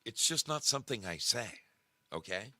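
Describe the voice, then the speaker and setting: A man hosting a casual livestream, animated and emphatic, often repeating himself. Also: medium pitch, moderate pace, no echo. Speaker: show host.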